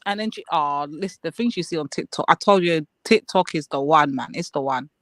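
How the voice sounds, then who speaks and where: A man's voice: on the high side, a little fast, a bit bright, no room sound. A man co-hosting a casual live stream, chatty and teasing.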